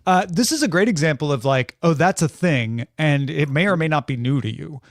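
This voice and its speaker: A man's voice: fairly high pitch, a little fast, dry recording. Middle-aged man, podcast co-host, easygoing and rambling, close dry mic. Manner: relaxed, rambling, chuckling. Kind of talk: casual chat.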